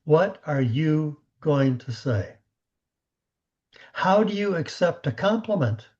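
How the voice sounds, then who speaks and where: A man's voice: on the high side, takes it slowly. Man coaching over a dull call line. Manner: animated storyteller who acts out quoted conversations. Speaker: business coach on a team call. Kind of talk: motivational coaching talk.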